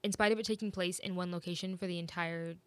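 A woman's voice: on the low side, steady tone, fast, clear, resonant tone, no room sound. A young woman co-hosting a film podcast who talks in a loose, rambling way, full of fillers. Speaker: podcast co-host. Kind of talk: casual film review chat.

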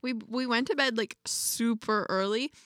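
A woman's voice: a little high, a little slow, a bit bright, no room sound, studio quality. A young woman, telling travel stories in a casual chat and laughing between phrases. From Canada. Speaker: podcast co-host.

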